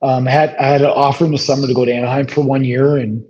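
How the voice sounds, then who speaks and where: A middle-aged man spins long stories of his playing days in a relaxed, rambling way, full of fillers and restarts. His voice sits in an ordinary middle range. The audio sounds dull and lo-fi. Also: mid-range voice, fast talker. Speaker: former professional hockey player, guest. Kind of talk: casual storytelling interview.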